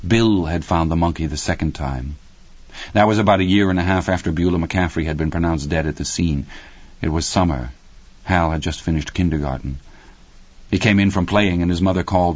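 A man narrating a story in a steady, measured audiobook reading. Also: deep voice, husky, no echo, muffled recording.

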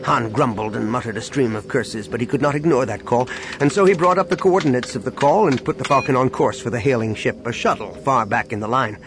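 Male audiobook narrator, measured reading, middle pitch, constant background noise. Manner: measured, dropping low on sad lines. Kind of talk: scripted narration.

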